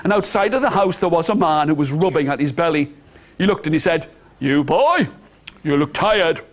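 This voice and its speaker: A man telling an interactive story to nursery children, animated and coaxing them to join in. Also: fairly high pitch, fast talker. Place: nursery school room.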